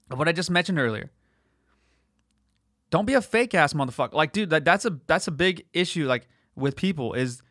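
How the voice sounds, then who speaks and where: A man's voice: on the high side, fairly bright tone, dry recording, studio quality. A man in his late twenties hosting a podcast, talking in a blunt, rambling, profane casual monologue. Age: 20s. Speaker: podcast host.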